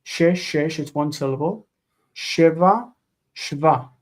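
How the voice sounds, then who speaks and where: A man teaching a live online grammar lesson, explaining patiently and slowing down to spell out forms. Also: on the high side.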